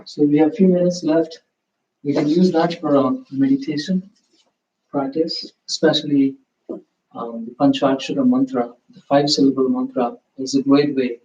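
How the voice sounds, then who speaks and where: Man, yoga teacher, calm and unhurried instruction, medium pitch, echoing muffled room sound. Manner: slow, calm, gently instructive. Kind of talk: guided yoga and meditation instruction.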